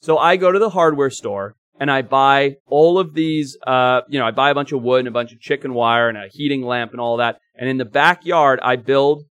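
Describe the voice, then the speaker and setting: A young man from Africa, co-hosting a podcast, telling stories in an animated, emphatic way, sometimes swearing. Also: medium pitch, fairly quick, few pauses, smooth, dry recording. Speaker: podcast co-host. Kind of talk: casual chat and storytelling.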